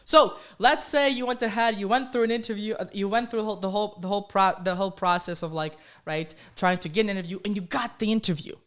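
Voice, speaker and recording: Talking fast with hardly any pauses, a coding career coach leads a live-streamed motivational session, his high, fairly bright voice carrying a slight foreign accent. He stays upbeat and repeats himself, often tossing in "okay?" and "right?" to check on viewers.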